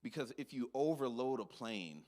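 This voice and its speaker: A man's voice: mid-range voice, animated, moderate pace, darkish tone. A man preaching a short sermon in a conversational, earnest manner, peppered with "you know". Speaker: speaker, preacher.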